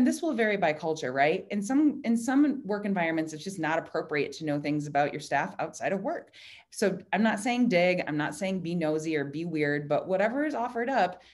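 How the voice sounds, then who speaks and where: A woman speaks on a video call, chatty and animated as she walks through leadership ideas. Her voice sits a little low for a woman, and she drops into lively quoted asides. It sounds like a computer mic. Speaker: design director speaking at a virtual happy hour. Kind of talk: casual talk on leadership.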